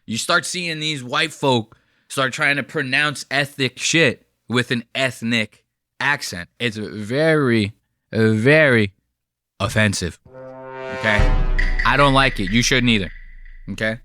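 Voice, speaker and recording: A man's voice: medium pitch, slow pace, sharp tone, no room sound, faint music behind. A man hosting his own channel, reacting to clips in a heated, profane, sarcastic rant. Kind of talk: casual commentary rant.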